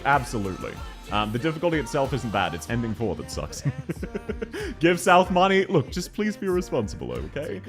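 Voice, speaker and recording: A young man, streaming a game and chatting casually, joking, laughing often and reading chat aloud. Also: mid-range voice. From Australia. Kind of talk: casual live-stream chat while gaming.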